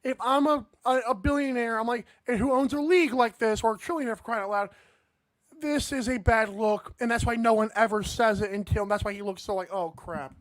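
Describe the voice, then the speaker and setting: A man's voice: very high-pitched, fairly even intonation, brisk, no room sound. A man co-hosting a sports podcast, recorded dry and close. He is laid-back but opinionated. He often hedges his takes. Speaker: podcast co-host. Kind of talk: casual sports talk.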